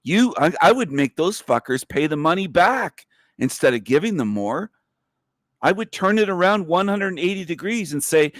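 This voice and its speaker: A man hosting a livestream, delivering an angry, profane, repetitive rant whose pitch climbs sharply as he gets worked up. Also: animated, moderate pace, no echo, studio quality. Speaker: livestream host. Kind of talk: ranting livestream monologue.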